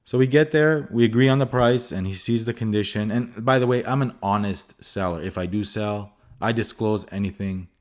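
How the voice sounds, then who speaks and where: A man's voice: on the low side, normal speed, few pauses. A man hosting a photography vlog, telling stories casually and animatedly with exasperation and restarts. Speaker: photography channel host.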